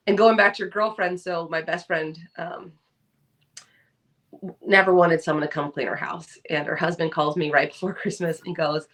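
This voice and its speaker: A woman co-hosting a podcast, chatting casually and telling lively stories, acting out the people she quotes. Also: fairly low pitch, moderate pace, recorded from a distance. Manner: animated storyteller, acts out quoted voices. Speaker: podcast co-host. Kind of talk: casual chat.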